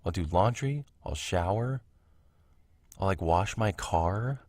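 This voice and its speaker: A man's voice: sits low, lively intonation, slow, a little mellow, no echo. A man hosting a casual solo podcast from home, rambling, interrupting himself and laughing at his own tangents. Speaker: podcast host. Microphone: home recording mic.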